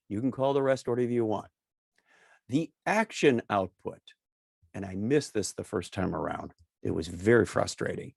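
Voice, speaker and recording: Male co-host, lowish voice, dry close sound, joking demo style, hammers key points. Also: expressive, normal speed, creaky, a little mellow, no room sound. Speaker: co-host presenting a software demo. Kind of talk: casual screen-share tutorial.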